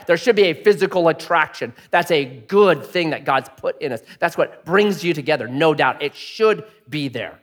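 A man preaching a sermon, telling stories with big swings from loud, excited bursts to hushed, quiet lines. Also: on the high side. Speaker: pastor. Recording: long hall reverb.

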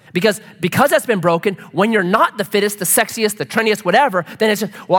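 A man preaching a sermon as pastor, animated and acting out quoted voices. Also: fairly high pitch, in a large hall. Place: church sanctuary.

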